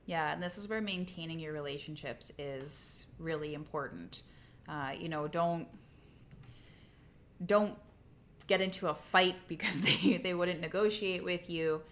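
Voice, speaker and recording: A woman's voice: low-pitched, measured pace, fairly bright tone, slight background noise. A woman co-hosting a casual livestream chat, talking in a conversational way with frequent restarts. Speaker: co-host.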